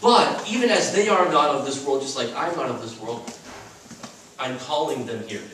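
A man's voice: mid-range voice, lively intonation, normal speed, a bit bright, slight background noise. A man preaching an earnest, emphatic sermon as a chapel speaker at a Christian school. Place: chapel at a retreat. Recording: echoey room from far off.

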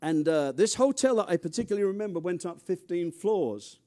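An older man with an English accent, from near London, delivers a sermon in a high, lively voice. He preaches with humor and bursts of loud emphasis, then drops into low, quiet asides. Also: fairly quick. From England. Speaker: pastor.

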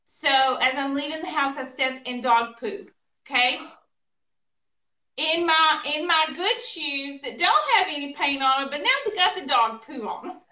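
A woman co-hosting a live show, telling a funny story about her day in an animated, laughing way. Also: sits high, normal speed. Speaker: co-host of a painting livestream. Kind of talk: casual storytelling chat. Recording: echoey room, voice a bit far from mic.

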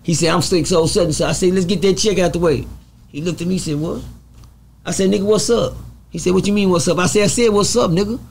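A man from Fort Worth, telling stories as an interview guest, animated and swearing freely as he acts out the voices of others. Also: high voice, fast talker, gravelly, slight background noise. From Fort Worth, Texas. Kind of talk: storytelling in a casual interview.

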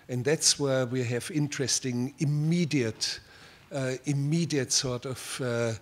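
Fielding audience questions at a public talk, an older German-accented man from Germany speaks deliberately, full of pauses and repetitions. His voice sits in the mid range with a fairly bright tone.

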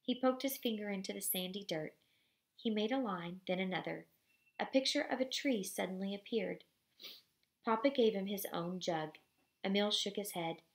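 A woman reads a novel aloud at home into a close mic, with a noticeably creaky, gravelly edge on her voice. Her pitch sits in a middle range, and she moves steadily through the text with casual asides. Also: normal speed. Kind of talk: reading a novel aloud with commentary.

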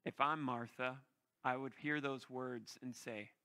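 A male pastor preaching a sermon, telling the story in an animated, vivid way. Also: medium pitch, a little slow.

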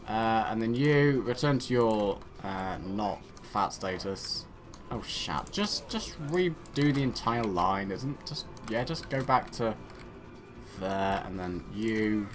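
A man's voice: on the low side, slow pace, background noise. A man giving rambling, self-mocking commentary while playing a strategy game and talking to his units. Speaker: gaming channel host. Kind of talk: let's play commentary.

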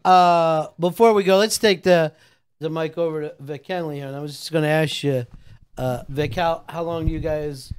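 Clear-voiced male interview host. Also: a little high, normal speed. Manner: relaxed, hands the talk to the next guest. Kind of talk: casual interview.

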